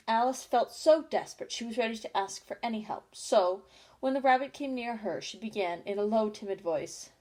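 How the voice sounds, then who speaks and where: Lady reading a kids storybook out loud, plain and easygoing, stumbles a bit here and there. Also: mid-range voice. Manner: plain, unhurried reading with small slips. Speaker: audiobook reader. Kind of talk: storybook narration.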